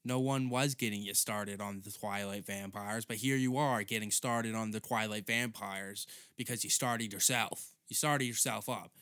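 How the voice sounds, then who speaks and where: A man's voice: fairly low pitch, fairly even intonation, normal speed, hardly any pauses, a bit bright, dry recording, clean studio sound. A young man doing a rambling, profane comedic monologue as a podcast host.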